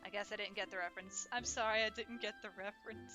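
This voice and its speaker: A woman's voice: medium pitch, fairly even intonation, normal speed, pauses often. A young woman chatting casually and playfully while streaming a game, often giggling. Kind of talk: casual live-stream chat. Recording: game music in the background.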